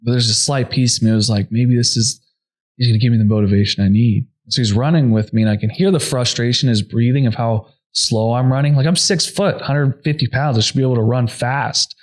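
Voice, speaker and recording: A young adult man, a podcast guest, earnestly telling a personal story at a quick clip, full of "like" fillers. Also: mid-range voice. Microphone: podcast microphone.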